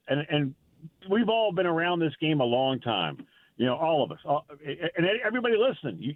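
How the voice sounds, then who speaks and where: A man's voice: on the high side, dry recording. A man, a college football reporter calling into a sports radio show, talking in an emphatic, folksy way and often repeating words as he goes. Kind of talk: casual sports radio chat. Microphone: phone line. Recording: phone-line call-in audio.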